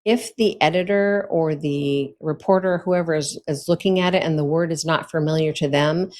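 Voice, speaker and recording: A woman's voice: sits low, normal speed, darkish tone. A woman host giving casual, chatty instructional advice to authors, with frequent fillers and light laughs.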